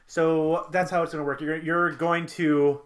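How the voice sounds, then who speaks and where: A young man with a slightly high voice runs a tabletop game as game master. He narrates in halting bursts, with restarts and fillers. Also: little pitch movement.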